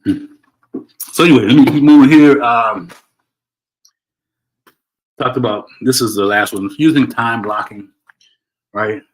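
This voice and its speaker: A middle-aged man's mid-range voice comes through a rough recording of his solo home livestream, measured and full of pauses. He talks earnestly and preachily about motivation, tagging "right?" onto points and restarting.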